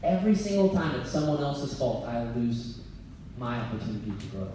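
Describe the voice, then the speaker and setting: A man giving a blunt, energetic motivational talk as a business coach before a live audience, joking and laughing as he goes. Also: mid-range voice, brisk, noisy background. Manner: blunt, energetic, jokey, often laughing mid-sentence. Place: event venue before an audience. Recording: very echoey hall, voice picked up from far off.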